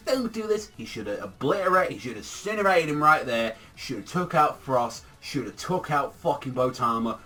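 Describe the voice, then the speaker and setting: A man giving a casual, rambling episode review, excitable and swearing constantly. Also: medium pitch. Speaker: anime reviewer.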